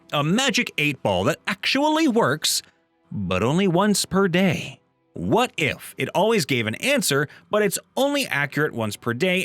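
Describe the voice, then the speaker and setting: An animated man reads online stories aloud in a bright, lively voice. He sits slightly high for a man, playful throughout, with soft music behind him. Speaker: narrator reading viewer stories. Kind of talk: reading online comments aloud.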